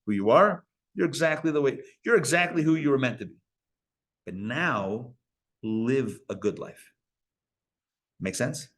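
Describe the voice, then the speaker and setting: A rabbi giving a live Torah lecture to an audience at a community center, talking in a conversational way with playful asides to the listeners. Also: male voice, mid-range voice, lively intonation, unhurried, pauses often, a bit bright. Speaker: rabbi teaching a class.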